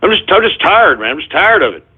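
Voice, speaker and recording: A very animated, high-pitched host with a husky voice rants at a quick clip on his call-in radio program. He curses and sighs a lot and repeatedly stumbles and restarts, heard through tinny, phone-like lo-fi audio.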